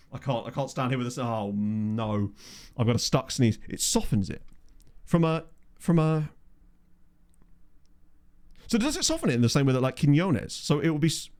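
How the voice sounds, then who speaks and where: His voice sits on the high side and sounds slightly mellow as he hosts a laid-back let's play. Using a USB condenser mic, he chats, muses out loud, and reads the live chat while playing.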